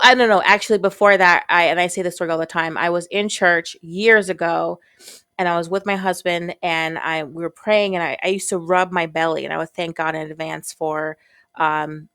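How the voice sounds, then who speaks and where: A woman's voice: on the low side, no room sound, clean studio sound. A woman guest on a podcast telling a personal story frankly and expressively, casually swearing and acting out her own past thoughts.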